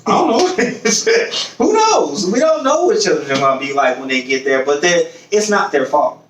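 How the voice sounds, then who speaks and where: A man's voice: a little high, big pitch swings, normal speed, fairly bright tone, reverberant, distant mic, a little hiss or hum, rough recording. A man hosting a podcast in casual chat, swearing freely, acting out other people's voices and laughing often. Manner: swears freely, repeats phrases while building a point. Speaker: podcast host.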